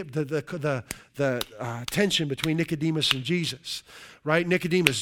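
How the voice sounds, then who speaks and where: Guy preaching a sermon, kinda high voice, leans hard on key words and keeps saying right?. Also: expressive, normal speed, noisy background. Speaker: pastor.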